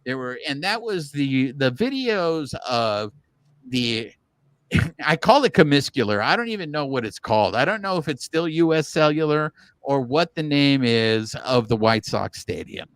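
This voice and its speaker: A man talks baseball in a loose, animated way, circling back and restarting his thoughts as he goes. His voice sits at an ordinary middle pitch. The sound is dry and close, with no room echo. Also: a little slow, clean tone. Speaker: podcast co-host. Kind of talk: casual sports chat.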